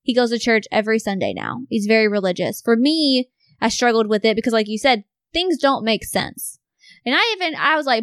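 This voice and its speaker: A woman with a fairly high voice tells a story in casual talk, swearing freely and acting out what everyone said. The sound is dry and close to the mic. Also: fairly quick, clear, resonant tone, no echo. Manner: swears a lot, animated storytelling. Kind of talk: casual conversation.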